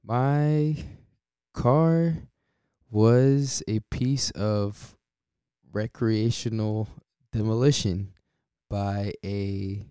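A man's voice: fairly low pitch, extremely slow, warm tone, clean tone, no echo, clean studio sound. A man hosting his own podcast, talking casually and laid-back, often chuckling between points. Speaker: podcast host. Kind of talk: casual solo podcast talk.

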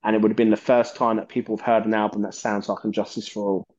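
A man's voice: on the low side, level tone, fast talker, darkish tone, dull audio. A man, a guest on a metal podcast, talking passionately and rambling, with plenty of swearing. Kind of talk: casual chat.

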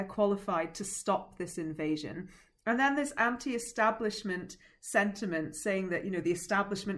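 A woman talks through the politics in a measured, explanatory way, the way a teacher would. She sounds like she is thinking aloud and now and then gives a small laugh. Her voice sits at a middle pitch. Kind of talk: analytical podcast discussion.

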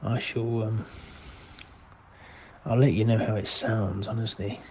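A man leaving rambling, polite voicemail messages in a deadpan comedy, full of hesitant fillers. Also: lowish voice, unhurried, heavy background noise.

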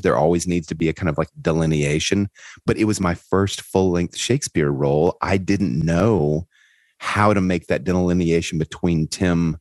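A man hosting a podcast who tells stories in a lively conversational way, and his voice climbs high when he gets excited. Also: moderate pace, no echo. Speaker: podcast host. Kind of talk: conversational storytelling in an interview.

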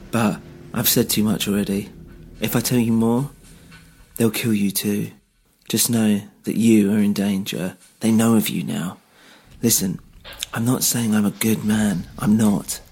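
A man voicing a frightened, beaten German man with a thick German accent, pleading in halting, urgent phrases. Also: on the low side, a little mellow, a little hiss or hum.

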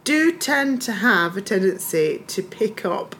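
A woman from Scotland co-hosting a podcast in casual chat, talkative and quick to laugh, picking apart words. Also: medium pitch, lively intonation, fairly bright tone, a little hiss or hum. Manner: chatty, laughs often, picks at words. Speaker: podcast co-host.

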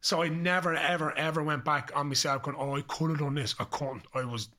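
An Irish man guesting on a podcast, telling stories in a lively, swearing way full of fillers and restarts. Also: a little high, a little fast. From Ireland. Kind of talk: casual storytelling chat.

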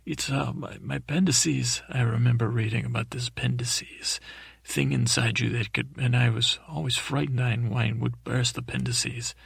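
A man's voice: mid-range voice, level tone, normal speed, gravelly, fairly bright tone, breathy edge, no echo, studio quality. A man telling a rambling, improvised bedtime story, meandering and correcting himself as he goes. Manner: meandering, full of self-corrections and fillers. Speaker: podcast storyteller.

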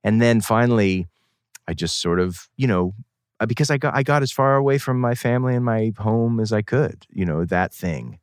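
A middle-aged man from New England, a guest musician, telling rambling, animated stories full of self-corrections. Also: fairly low pitch, normal speed, clear, resonant tone, no room sound, studio quality. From New England, outside Boston. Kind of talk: casual interview talk.

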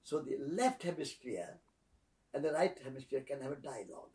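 A man speaking as a spiritual teacher, slow and soft-spoken, repeating phrases like a litany. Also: mid-range voice, sing-song, far from the mic. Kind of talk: calm reflective teaching.

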